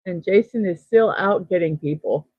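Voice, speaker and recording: A middle-aged woman hosting a casual morning livestream, thinking aloud and reading out chat messages with soft laughs. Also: lowish voice, moderate pace, husky, no echo, narrow, tinny audio. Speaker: host of a daily morning livestream.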